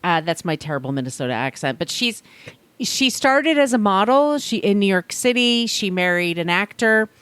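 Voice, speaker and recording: A woman's voice: medium pitch, animated, moderate pace, fairly bright tone, clean tone, dry recording. A woman co-hosting a podcast in casual chat, telling stories chattily with frequent laughs and fillers. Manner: chatty storytelling, laughs often, filler-laden. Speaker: podcast co-host.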